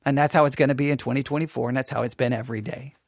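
A man hosting a Bible podcast, chatting casually and restarting his sentences, then reading scripture slowly and solemnly. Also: medium pitch, fairly even intonation, vocal fry, no room sound, studio quality. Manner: chatty and self-interrupting, reads scripture in a slow solemn cadence. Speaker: podcast host and Bible teacher. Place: small home studio.

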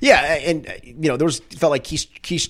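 A man talking college basketball on a podcast, animated and thinking aloud. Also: on the high side, a little fast. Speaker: basketball analyst guest. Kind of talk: casual sports chat.

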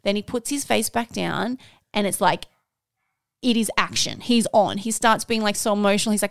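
A young woman co-hosting a podcast, telling stories in a lively way, acting out what people said and swearing now and then. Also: fairly high pitch, fairly quick, dry recording, clean studio sound. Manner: animated storyteller, acts out quotes, swears. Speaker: podcast co-host. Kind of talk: casual chat.

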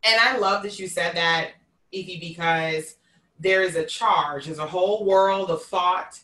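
A woman with a Queens accent hosts a casual live-streamed chat. Her voice is bright and forceful, and it sounds echoey and set back from the mic. She is expressive and folksy, and she calls her listeners "y'all.". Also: fairly low pitch, moderate pace, far from the mic. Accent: Queens New York. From New York. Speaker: host.

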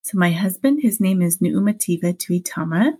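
A woman guest on a podcast interview, telling a personal story in a lively way, acting out the dialogue and laughing often. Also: on the low side, moderate pace, slightly rough.

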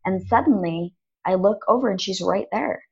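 A woman guest on a conversational show, telling a personal story in an animated, dramatic way and acting out what people said. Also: medium pitch, normal speed, gravelly, slightly rough, highs cut off. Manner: animated, dramatic retelling with acted-out quotes. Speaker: podcast guest.

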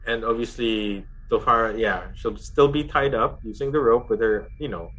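A man's voice: medium pitch, steady tone, normal speed, pushed and bright. A man playing in a tabletop game, planning his character's moves aloud. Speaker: player. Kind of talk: casual tabletop game talk. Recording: dull lo-fi sound.

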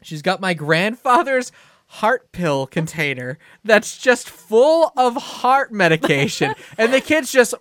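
A man in his thirties, co-hosting a podcast in casual chat and telling a story in a lively way, laughing as he goes. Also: high voice, takes it slowly, no room sound, clean studio sound. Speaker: podcast co-host.

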